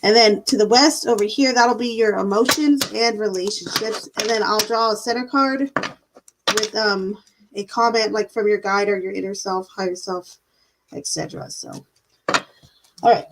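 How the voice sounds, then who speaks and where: A woman's voice: mid-range voice, normal speed, background noise. A woman giving a live-stream tarot reading in a casual, chatty way, full of fillers and "like"s. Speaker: tarot reader.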